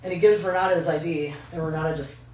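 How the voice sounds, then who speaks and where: A woman's voice: low-pitched, fast, background noise. A woman co-hosting a podcast, telling a story in casual chat with lots of swearing, acting out the people she quotes. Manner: animated, profane, acts out quoted voices. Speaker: podcast co-host. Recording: echoey room from far off mic, faint ambience.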